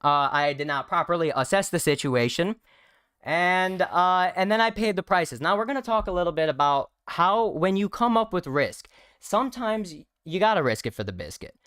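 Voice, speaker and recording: Rambling young man with a smooth voice. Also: high-pitched, lively intonation, moderate pace, fairly bright tone, no room sound, studio quality. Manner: rambling, joking, many fillers. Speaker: co-host. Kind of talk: casual livestream chat.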